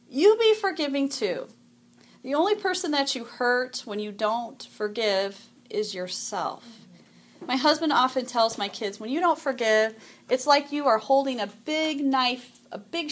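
A middle-aged woman with a voice on the high side gives a devotional talk at a women's event, animated and chatty. She often acts out her own yelling and sprinkles in frequent "okay" and "um."

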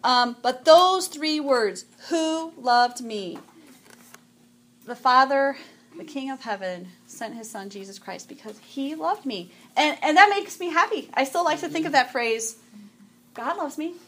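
A middle-aged woman giving a devotional talk to a group, animated and chatty, often acting out her own yelling and sprinkling in "okay" and "um". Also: high voice, normal speed. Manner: frequent "okay" and "um". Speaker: women's event speaker.

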